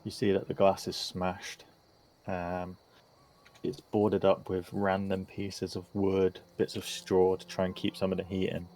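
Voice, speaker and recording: A man narrating as game master, relaxed and hesitant with frequent fillers. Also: sits low, unhurried. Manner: relaxed, hesitant with many ums.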